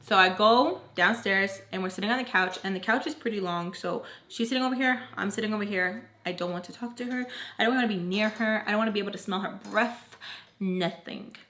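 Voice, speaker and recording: Blunt, animated young woman telling a story. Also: medium pitch, a little fast. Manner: animated, blunt, swears, drops in Spanish. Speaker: vlogger telling a nanny story. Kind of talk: casual storytime.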